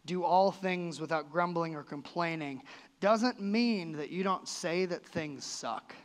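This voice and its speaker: Preaching a little slowly in a fairly high voice, a male pastor gives an earnest, conversational sermon in a church, his voice climbing and falling sharply.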